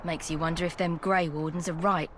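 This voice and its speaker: A woman's voice: lowish voice, steady tone, a little fast, natural voice. Lady doing a world-weary game soldier, kinda wry, hissy background. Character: weary, jaded female soldier in a game camp.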